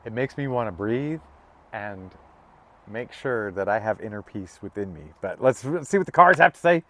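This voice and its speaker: A man's voice: on the low side, expressive, unhurried, pauses often. A middle-aged man giving a casual, heartfelt tarot reading that wanders through stories, with many stops and restarts. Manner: rambling, emotional, with many restarts and self-interruptions. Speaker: tarot reader.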